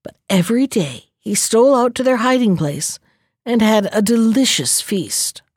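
Woman, fairy tale reader, calm and even, slightly high voice, dry close mic. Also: normal speed, no echo. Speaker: storyteller. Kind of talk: reading a fairy tale aloud.

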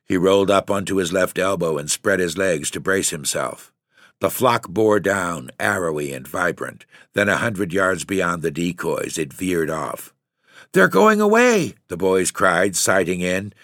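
A man reads a literary story aloud at a measured pace. His voice sits very low and steady. The recording is dry and close, with no room sound at all. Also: no room sound. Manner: measured, lifting into character voices for dialogue. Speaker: narrator.

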